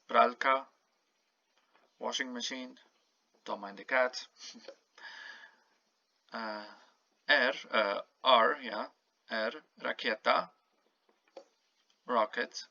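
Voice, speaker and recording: A man with a gravelly, bright and forceful voice teaches a language lesson at an unhurried pace, repeating each word carefully so the learner can copy it. The recording is dry and a little dull, like a simple home setup. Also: medium pitch, no room sound. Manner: slow, patient, repeats words to model pronunciation. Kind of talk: casual spoken language lesson.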